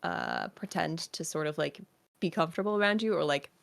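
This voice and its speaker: A woman's voice: low voice, sing-song, a little fast, creaky. A woman narrating as game master for a tabletop game, describing scenes with many fillers and hesitations.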